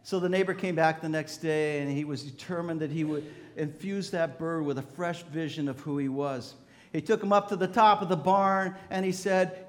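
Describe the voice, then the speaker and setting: A man preaching a storytelling sermon, animated, swelling and softening, often repeating words. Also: high-pitched, normal speed. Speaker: pastor.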